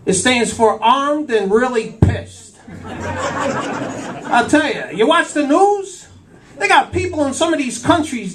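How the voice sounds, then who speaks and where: On a small cafe stage, a stand-up comedian in his fifties keeps dropping "I'll tell you" between jokes to a live audience. His voice is very high and a bit bright, picked up from a distance in the cafe.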